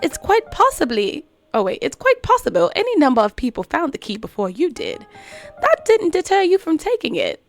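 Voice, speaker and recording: A woman's voice: sits high, wildly swooping pitch, normal speed, soft background music, full character voice. A woman voicing a cryptic, teasing male cat in a game, speaking in a put-on accent with a smug, riddling manner.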